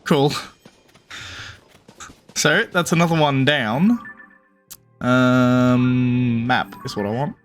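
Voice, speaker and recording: A man giving casual let's play commentary, relaxed and muttering to himself. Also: medium pitch, drawn-out words, pauses often, soft background music. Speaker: gameplay streamer.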